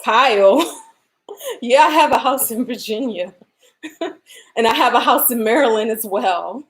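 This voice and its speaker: Running a giveaway on a casual home livestream, a woman chats, laughs, and reads out viewer comments. Her fairly high, slightly bright voice is animated but unhurried.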